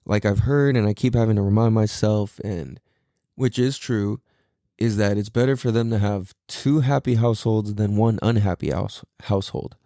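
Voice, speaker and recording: A man's voice: fairly low pitch, moderate pace, dark tone, no echo, studio quality. A tired young man hosting a casual solo podcast, talking in a laid-back, slangy way with a lot of swearing. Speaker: podcast host.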